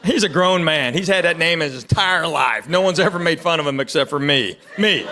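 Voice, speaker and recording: A man's voice: a little high, lively intonation, a little fast, background noise. A man, doing a stand-up routine with dry, teasing crowd work. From East Tennessee, US. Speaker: stand-up comedian. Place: large comedy venue, on stage. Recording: roomy live hall with loud crowd laughter.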